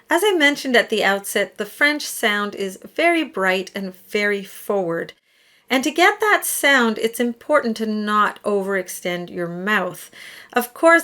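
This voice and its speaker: A woman teaching singers diction, explaining patiently and slowing down to demonstrate words. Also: medium pitch, a bit bright. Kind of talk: instructional explanation.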